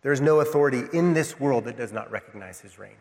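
A male pastor preaching a sermon with passion, swinging between loud emphatic lines and hushed ones. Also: mid-range voice, animated, fast, big-room sound. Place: church sanctuary.

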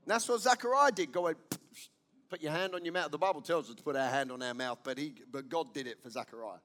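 A man's voice: a little high, fast, fairly bright tone. A man preaching a sermon as pastor, emphatic, repeating key lines and asking his listeners questions.

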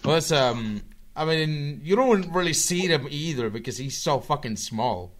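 A man's voice: fairly high pitch, lively intonation, a little slow, noisy background. A young man in casual online chat with friends, laid-back and rambling, often laughing.

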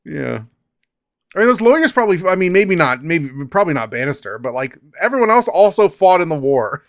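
A man's voice: a little high, big pitch swings, a little fast, no echo, studio quality. Laid-back man riffing on a film. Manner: laughs often, swears, loose rambling phrasing. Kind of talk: casual film discussion chat.

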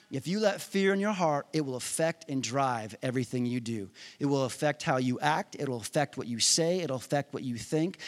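A male pastor preaching a sermon, reading scripture aloud and building to loud, emphatic calls for the congregation to repeat after him. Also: fairly high pitch. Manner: reads scripture aloud and drives key lines home by repetition.

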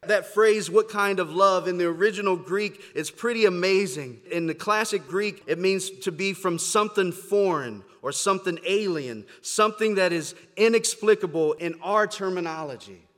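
A man with a fairly high voice preaches to a congregation. He moves between soft, reflective passages and loud, emphatic declarations. His words ring out with a long reverb through a large hall. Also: moderate pace, few pauses. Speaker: pastor. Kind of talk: sermon. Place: church sanctuary, standing before a congregation.

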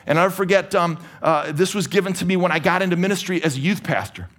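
A middle-aged pastor preaches from a church stage in a somewhat high-pitched voice. He talks energetically and casually, often restarting his words as he pushes his points. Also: fast, a bit bright. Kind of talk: sermon.

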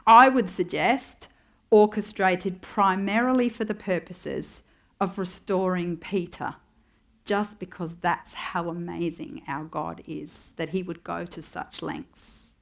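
A woman's voice: fairly low pitch, fairly even intonation, slow, creaky. A woman giving a sermon in a conversational, storytelling way, wondering aloud and adding wry asides. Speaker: preacher.

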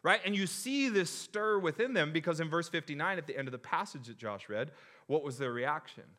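A young man preaching a sermon in an animated, joking way, acting out the crowd's reactions. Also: a little high, a little fast. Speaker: pastor.

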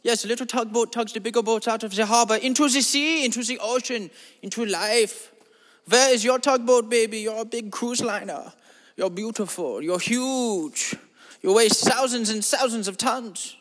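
Man doing a rambling eccentric, very high voice, drawling, suddenly crude, long reverb. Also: normal speed, fairly bright tone. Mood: dreamy. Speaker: comedy podcast host. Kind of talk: absurd comic monologue in a character voice.

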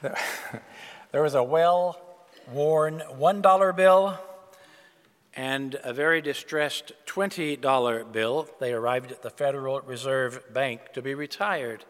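A man's voice: mid-range voice, takes it slowly, big-room sound. An older male preacher giving a sermon, opening with jokes and then speaking earnestly about giving and stewardship. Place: church.

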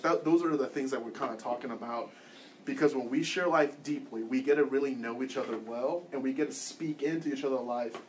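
A man's voice: medium pitch, slight background noise. Man telling a wry story in church class. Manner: animated storyteller, wry self-deprecating humor; loose and conversational, frequent ums and restarts. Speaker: church class teacher and life group leader. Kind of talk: teaching with a personal story.

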